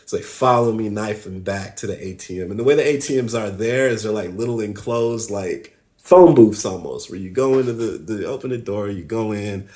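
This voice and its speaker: A man telling a story on a podcast, animated and laughing often, swearing casually. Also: on the low side, normal speed. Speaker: podcast guest.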